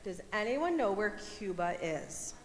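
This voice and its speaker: Animated woman teaching kids. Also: mid-range voice, a little slow, a little hiss or hum. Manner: animated, playful, coaxing kids to join in. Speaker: children's message leader. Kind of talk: children's sermon, teaching kids. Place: church sanctuary. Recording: echoey hall, faint room ambience.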